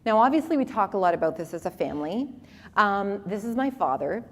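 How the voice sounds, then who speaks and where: A woman in her forties giving a conference talk with animated, humorous storytelling. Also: mid-range voice, fairly quick. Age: 40s. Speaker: conference speaker. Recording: long reverb of a hall.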